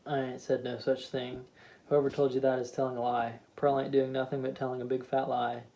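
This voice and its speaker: Man reading Troy, a stubborn gruff husband. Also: medium pitch, flat delivery, fairly quick, dark tone, lightly acted. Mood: defensive. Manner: gruff, clipped, dialect-heavy talk. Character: stubborn, defiant middle-aged husband.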